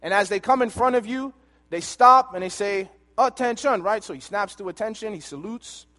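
A man preaching a sermon, telling a personal story and swinging between loud and hushed delivery. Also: high voice, normal speed. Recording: long hall reverb.

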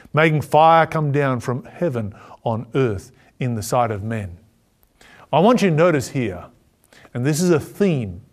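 A man preaching a prophecy sermon, with emphatic delivery that rises and falls. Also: fairly high pitch. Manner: emphatic, rising and falling delivery.

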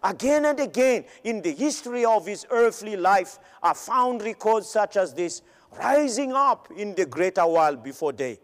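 A man's voice: high voice, big pitch swings. Man preaching in a reverberant hall. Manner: emphatic, with pauses and repeated phrases. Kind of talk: sermon.

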